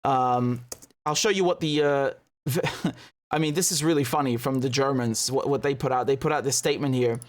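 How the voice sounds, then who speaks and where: A man's voice: medium pitch, fairly even intonation, moderate pace. A man giving indignant, sarcastic commentary as he reacts to news clips. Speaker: political commentator.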